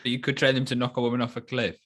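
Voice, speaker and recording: This is a man bantering on a film review podcast, tossing in dry, teasing jokes. His voice is bright and forceful, at a middling pitch. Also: flat delivery, racing. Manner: dry teasing one-liners. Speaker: podcast co-host.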